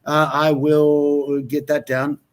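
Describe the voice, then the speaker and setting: A man's voice: fairly high pitch, completely flat delivery, slow pace. A man talking as a guest in a casual livestream chat, joking and drifting into asides. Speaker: interview guest.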